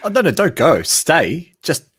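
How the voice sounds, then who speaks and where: A man hosting a casual movie chat live stream who chimes in with quick, chatty interjections. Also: on the high side, very animated, fairly bright tone, slightly rough, no echo. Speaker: host.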